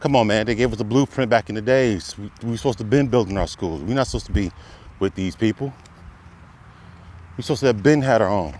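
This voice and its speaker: A man's voice: fairly low pitch, brisk, darkish tone. A man delivering an impassioned monologue, preaching with repeated rhetorical questions that climb to emphatic peaks. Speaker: commentator.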